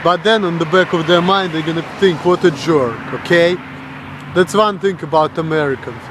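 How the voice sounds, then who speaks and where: A man's voice: a little high, fairly even intonation, moderate pace, background noise. A young Russian man with a Russian accent, ranting bluntly and crudely on a vlog. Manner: blunt, crude, mocking the voices of others. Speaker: vlogger. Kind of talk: blunt profane rant.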